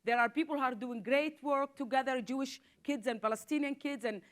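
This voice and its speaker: A woman's voice: high voice, fairly quick. A woman in her forties from southern Israel, a social worker speaking on a panel in an earnest, urgent way, often repeating words as she builds her point. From southern Israel (Negev). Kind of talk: impassioned panel talk.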